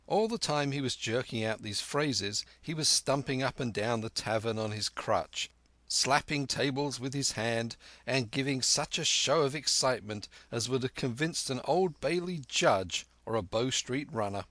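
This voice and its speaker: A man narrating a classic adventure novel as an audiobook in measured storytelling. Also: mid-range voice, fairly bright tone, no echo. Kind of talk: scripted narration.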